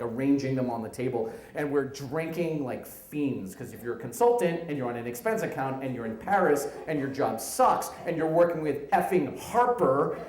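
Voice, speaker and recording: A man in his thirties telling a comic work story live on stage, animated, acting out the people in it. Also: fairly high pitch, roomy sound, poor audio. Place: stage in a venue.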